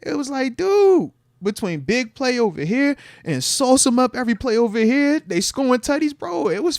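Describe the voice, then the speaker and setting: A man, a former pro football player, co-hosting a casual sports podcast in an animated, slangy way. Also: very high-pitched, moderate pace, hardly any pauses, no echo, clean studio sound. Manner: animated, slangy, acts out quotes in hushed voice.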